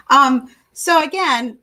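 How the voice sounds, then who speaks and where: Chatty woman pet communicator, higher voice. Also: pushed and bright, rough recording. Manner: chatty, laughing, self-conscious. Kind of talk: livestream talk.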